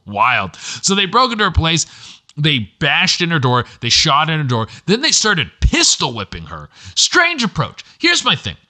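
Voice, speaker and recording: A man hosting a solo podcast at his computer, talking in an animated way, swearing freely and jumping between high and low pitch. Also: unhurried. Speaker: podcast host.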